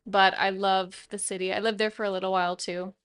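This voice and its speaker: A woman's voice: medium pitch, level tone, a little fast, fairly bright tone, smooth. A young woman from New York State chatting casually with viewers on a live stream while she paints, laughing often and muttering to herself. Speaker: livestreamer.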